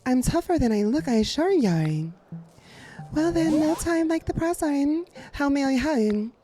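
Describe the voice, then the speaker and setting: A streamer voicing a prim, proper little Pikachu from a game, high and dainty, insisting it is tougher than it looks. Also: expressive, unhurried, dark tone. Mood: poised. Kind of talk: reading game dialogue aloud in voices.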